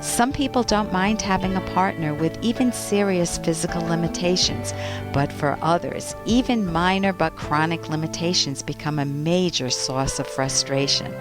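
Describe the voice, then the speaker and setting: Woman host, lowish voice, chatty advice talk, faint music behind. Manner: chatty, personal storytelling with asides. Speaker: relationship advice podcast host. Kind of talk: conversational advice monologue and book reading.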